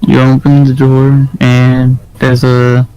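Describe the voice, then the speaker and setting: Gravelly, slow man narrating a game. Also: medium pitch, completely flat delivery, mellow, low-quality recording. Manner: hesitant, filler-heavy improvised narration. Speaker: game master.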